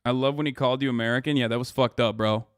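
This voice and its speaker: A man's voice: mid-range voice, steady tone, rapid-fire, smooth, no echo. A man in his thirties hosting a livestream, reacting to a debate with a heated, profane, sarcastic rant into a studio mic. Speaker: livestream host.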